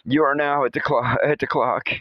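A man narrating a comic horror story, chuckling often as he tells it in a playful, animated way. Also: medium pitch, moderate pace, dry recording, highs cut off. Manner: chuckles through his telling, animated and playful.

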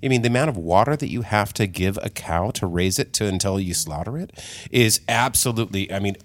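A man's voice: on the low side, fairly quick. Opinionated man on a podcast. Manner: opinionated, explains with conviction. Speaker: podcast host. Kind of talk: casual podcast chat.

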